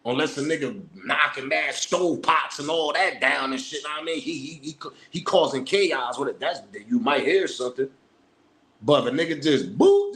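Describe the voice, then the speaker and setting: A man, riffing through hip-hop news commentary. He talks in a loose, animated, rambling way, full of profane street slang, and he keeps acting out what people would say. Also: fairly high pitch. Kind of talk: casual commentary.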